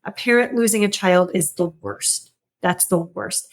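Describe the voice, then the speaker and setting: A woman's voice: medium pitch, measured pace. A middle-aged woman, a podcast guest, speaking earnestly and candidly about loss, often repeating herself as she searches for words. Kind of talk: candid conversation about grief.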